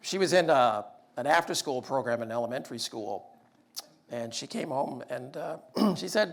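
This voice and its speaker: A man's voice: medium pitch, animated, moderate pace, vocal fry. A man giving a storytelling talk about fatherhood with wry, self-deprecating humor. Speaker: public speaker.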